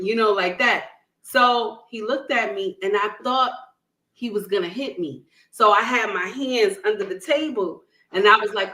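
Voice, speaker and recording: A woman's voice: mid-range voice, measured pace, pushed and bright. A woman on an online panel telling a personal story, emphatic and checking in with "okay?" and "right?" as she talks. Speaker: panel guest. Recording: roomy echo.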